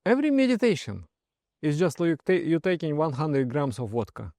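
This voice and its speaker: Soft-spoken male meditation teacher, dry sound. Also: on the high side, huge pitch swings, brisk, dry recording. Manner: soft-spoken, often trails off quietly, laughs while telling stories. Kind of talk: personal story and spiritual advice.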